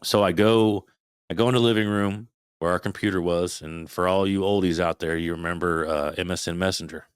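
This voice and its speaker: Low-voiced man telling a scary story. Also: a little fast, clear, resonant tone, no room sound, clean studio sound. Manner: swearing, animated retelling of a scary night. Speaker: podcast guest. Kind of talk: casual storytelling.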